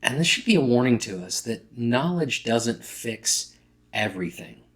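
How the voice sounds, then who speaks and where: A pastor preaching a sermon in a conversational way, sometimes correcting himself mid-word and acting out quoted lines. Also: male voice, medium pitch, very animated, unhurried, fairly bright tone.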